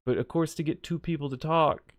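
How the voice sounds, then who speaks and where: A man's voice: on the high side, steady tone, a bit bright, no room sound, studio quality. Rambling man recapping a game story. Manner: rambling, quick, with many restarts and self-corrections. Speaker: streamer. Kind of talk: casual game story commentary.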